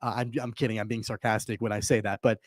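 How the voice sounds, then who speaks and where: A man's voice: fairly low pitch, level tone, fast, dry recording, studio quality. A man co-hosting sports talk radio, speaking hesitantly with frequent restarts and trying to meet his partner halfway.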